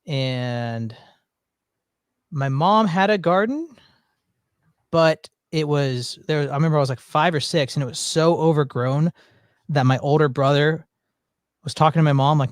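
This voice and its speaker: A man's voice: a little high, normal speed, pauses often, smooth, dry recording, studio quality. A man hosting a casual chat, telling rambling stories with many fillers and restarts. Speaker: podcast host.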